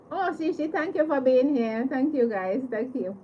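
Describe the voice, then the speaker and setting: A high-pitched woman talks slowly and easily to her viewers on a home livestream. She is giggly and apologetic, and she thanks people over and over. The audio is a little dull, with a faint hiss under it. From Caribbean. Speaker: livestream host. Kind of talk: casual livestream chat. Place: home living room.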